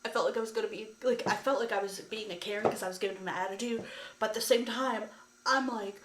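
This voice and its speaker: A woman's voice: medium pitch, fairly even intonation, fast, background noise. A woman vlogger telling a story to camera in a ranting, exasperated way, with lots of "like" fillers. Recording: echoey room.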